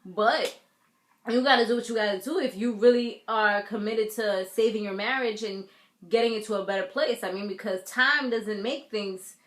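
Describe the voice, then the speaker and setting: A woman's voice: medium pitch, moderate pace, roomy sound. Sassy American woman recapping TV. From Caribbean family, raised in the US. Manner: sassy, animated, talks straight to viewers. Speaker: TV recap vlogger. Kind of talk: casual reality TV recap.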